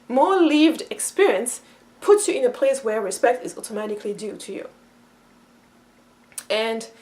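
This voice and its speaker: A high-pitched woman talks through a relaxed explanatory monologue as a cultural teacher. She circles back on her words, restarting phrases as she thinks. She brings quoted speakers to life with animated shifts in her voice. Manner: repeats and restarts phrases while thinking aloud.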